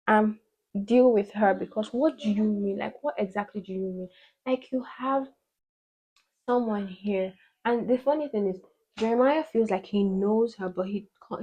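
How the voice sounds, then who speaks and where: A woman's voice: medium pitch, warm tone, low-quality recording. A woman beauty vlogger chatting casually while doing her makeup, rambling with lots of "like" fillers and playful asides.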